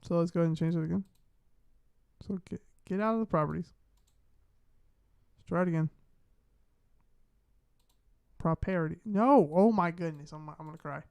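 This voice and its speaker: Flustered male streamer, smooth dry voice. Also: high voice, moderate pace, pauses often, no echo, dull audio. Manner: flustered, talks to himself while fiddling with streaming software. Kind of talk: casual live-stream chat.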